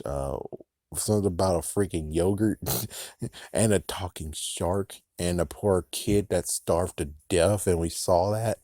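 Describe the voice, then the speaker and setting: A man with a very low voice rambles through a show recap. He swears freely and laughs along the way. He is recorded close up in a dead, dry room. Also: warm tone, no room sound. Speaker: channel host recapping an episode. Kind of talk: casual recap vlog.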